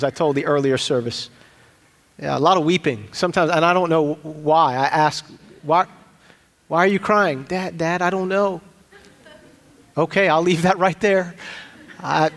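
Male pastor, high voice, chatty sermon delivery full of restarts, reverberant church hall. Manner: conversational, frequent restarts and asides. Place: church sanctuary.

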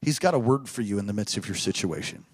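A man preaching a sermon, telling stories with animated energy, bursts of laughter and emphatic repeated declarations. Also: lowish voice, fast talker.

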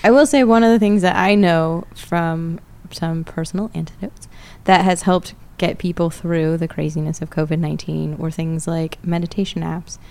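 A woman's voice: fairly low pitch, fairly even intonation, normal speed, a little mellow. A woman co-hosting a podcast, asking a guest questions in a friendly, encouraging way. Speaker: podcast co-host. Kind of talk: interview questions.

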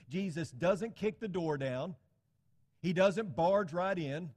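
A man preaching a sermon in an earnest, pleading way, often dropping to a soft, quiet emphasis. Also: high voice, animated, takes it slowly, breathy edge, long reverb tail.

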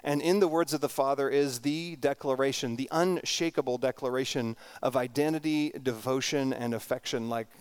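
A man's voice: medium pitch, smooth. Earnest middle-aged man preaching a sermon. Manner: earnest and reflective, slowing down for emphasis and repeating words. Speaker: pastor.

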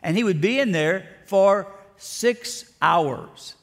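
A man's voice: sits high, expressive, takes it slowly, vocal fry. A man preaching a sermon with dramatic emphasis and repeated words. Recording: long reverb of a large hall.

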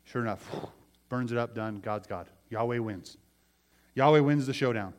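A pastor preaches to his congregation, energetically retelling a scripture story and voicing its characters in animated fashion. His voice is mid-range and moves at a normal speed.

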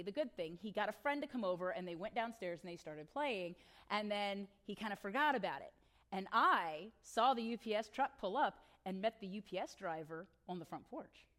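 A middle-aged woman pastor giving a sermon as a conversational story, full of asides and tag questions. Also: a little high.

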